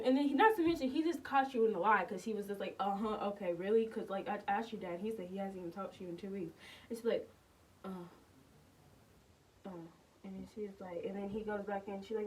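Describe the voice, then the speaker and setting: A woman's voice: fairly high pitch, fairly quick, recorded from a distance, poor audio. A young woman casually reacting to and reviewing a TV episode, rambling with lots of fillers and repeated words. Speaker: TV reaction vlogger.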